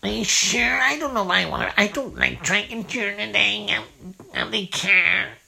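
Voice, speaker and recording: A performer voicing a fussy, prudish childlike nephew, who talks slowly and repeats himself. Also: mid-range voice, very animated, vocal fry, pushed and bright, exaggerated voice. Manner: slow, halting, repeats itself.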